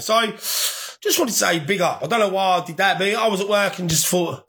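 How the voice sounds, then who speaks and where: A man's voice: sits high, a little fast, sharp tone. A young man chatting casually to his viewers, rambling and swearing, laughing often. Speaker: vlogger.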